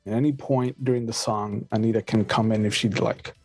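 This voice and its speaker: A man narrating as game master of a tabletop game, slow and halting with frequent filler sounds. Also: on the low side, fairly even intonation, darkish tone, breathy edge, no echo, soft background music.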